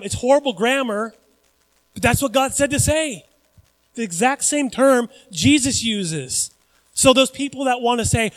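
High-voiced man preaching a lively sermon. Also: normal speed, no echo, rough recording. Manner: animated, conversational preaching with asides to the congregation. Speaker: pastor.

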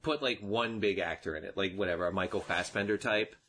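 A man's voice: sits low, fairly quick, sharp tone, slight background noise. A man co-hosting a casual comedy podcast, riffing dryly and laughing at the jokes. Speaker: podcast co-host.

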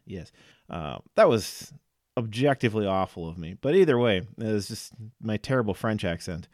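Male sports-pod co-host, lower register, dry close mic, chatty and stat-heavy. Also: expressive, moderate pace, darkish tone, dry recording. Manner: rattles off stats with fillers and laughs. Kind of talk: casual sports chat.

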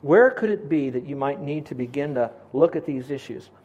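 A man's voice: medium pitch, animated, moderate pace, darkish tone, dull audio. A middle-aged man preaching a sermon as a pastor, earnest and asking his congregation questions.

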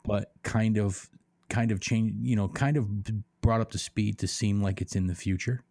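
A man's voice: on the low side, fairly even intonation, moderate pace, a little mellow, no echo, studio quality. Swearing, rambling man on a podcast. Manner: rambling, swears a lot, mocking. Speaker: podcast co-host. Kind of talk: casual profane chat.

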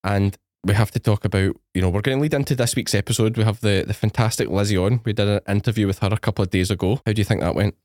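A man with a fairly low voice chats as a podcast host, quick to joke and tease. The recording is close and dry, with almost no room sound. His talk runs loose and friendly, full of asides. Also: darkish tone, dry recording. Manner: joking, teasing, chatty. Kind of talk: casual chat.

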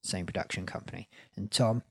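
A woman hosting a casual podcast game, playful and quick to laugh. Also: rumbling low, a bit bright, breathy edge, no room sound, clean studio sound. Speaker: podcast host.

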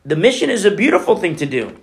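A man's voice: sits high, very animated, fast, vocal fry. Emphatic male preacher asking rhetorical questions. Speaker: pastor. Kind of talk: sermon.

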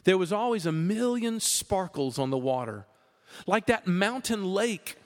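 A pastor quoting a gentle, simple-hearted Southern man in a soft, wistful telling. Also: high-pitched, sing-song, measured pace. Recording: long reverb of a large hall.

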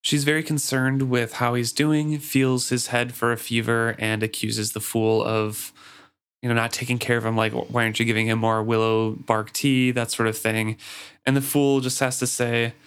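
A man's voice: medium pitch, normal speed, clean tone. Man retelling a book chapter. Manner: relaxed retelling with fillers. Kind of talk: book discussion, reading passages.

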